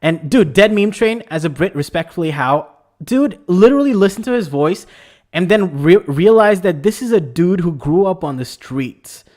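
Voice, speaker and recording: A man hosting a casual anime discussion, rambling and excitable with lots of fillers and restarts. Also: sits high, moderate pace. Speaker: podcast host.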